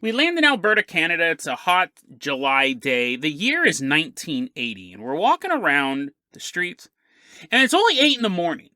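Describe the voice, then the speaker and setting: A man hosting a podcast, narrating a strange story in an animated, joking, conversational way. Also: on the high side, moderate pace, no room sound. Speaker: podcast host.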